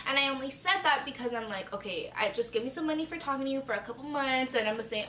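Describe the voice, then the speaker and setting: A woman's voice: on the high side, racing, hardly any pauses, pushed and bright, a little hiss or hum. A young woman telling a dramatic, chatty storytime vlog, swearing freely. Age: young adult. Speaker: vlogger. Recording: echoey room, mic a bit far.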